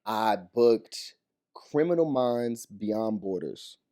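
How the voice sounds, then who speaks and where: A man's voice: on the low side, extremely slow. A man being interviewed as a guest actor, chatting casually and telling stories with frequent laughter, in a hotel room. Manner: animated storyteller who laughs often. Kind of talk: casual chat.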